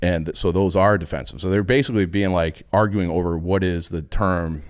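A man's voice: sits low, a little fast, clean tone. A young man casually explaining history on a podcast, rambling with lots of fillers and loose quotes. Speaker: podcast guest.

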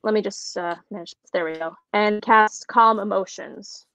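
A woman's voice: medium pitch, moderate pace, a bit bright, dry recording, lo-fi sound. A woman playing a tabletop game, chatty and hesitant as she talks through her moves. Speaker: player.

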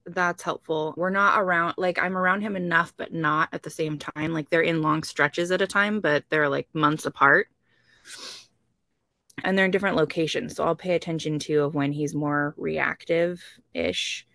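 A woman's voice: deep voice, fairly even intonation, moderate pace, gravelly, pushed and bright, no room sound, clean studio sound. A woman, a dog owner, describing her dog's behavior in a hesitant, casual way, with many fillers. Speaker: dog owner seeking advice. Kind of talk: casual conversation.

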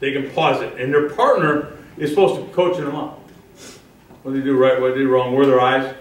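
Coach talking in a very echoey gym. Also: male voice, mid-range voice, fairly even intonation, fast talker. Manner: frequent "okay?" check-ins, calls out drill cues. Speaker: football defensive line coach. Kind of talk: coaching clinic demonstration. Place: indoor training facility with a wall. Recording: echoey indoor space, mic held far off.

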